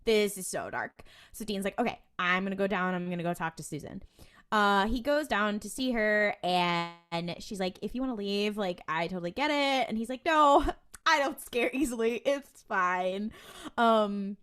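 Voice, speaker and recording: A woman's voice: medium pitch, normal speed, smooth. A woman co-hosting a podcast, recapping a TV episode in casual chat and acting out the characters' lines. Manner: animated storytelling with quoted voices and laughs. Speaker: podcast co-host.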